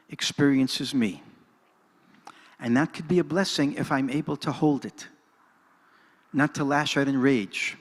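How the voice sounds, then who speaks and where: An older man giving an earnest, dramatic personal storytelling talk in a synagogue hall, moving between narration and reflection. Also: fairly high pitch. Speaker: speaker at a presentation. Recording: reverberant hall.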